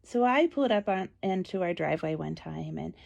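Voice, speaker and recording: A woman's voice: lowish voice, lively intonation, a little fast, vocal fry, darkish tone, highs cut off. A woman hosting a casual solo podcast, telling a story in a chatty, conversational way with many asides, recorded at home on a close mic. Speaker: podcast host and parent advocate.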